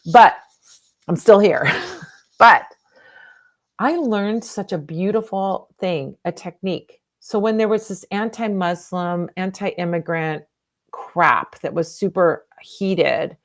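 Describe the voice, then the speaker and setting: A woman's voice: on the low side, unhurried. A middle-aged woman hosting a livestream fundraiser, talking to viewers in an earnest, emotional, repetitive way. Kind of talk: casual livestream chat.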